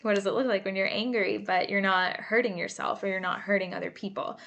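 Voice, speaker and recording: A woman working as a creative arts therapist, explaining a coping exercise in a relaxed, chatty way with many fillers and asides. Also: medium pitch, brisk, vocal fry, dull audio. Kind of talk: casual instructional talk.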